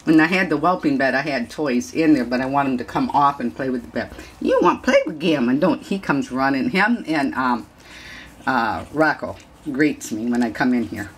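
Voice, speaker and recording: A woman's voice: rumbling low, normal speed, slightly rough. A woman dog breeder chatting casually in a home video, rambling and cooing at puppies.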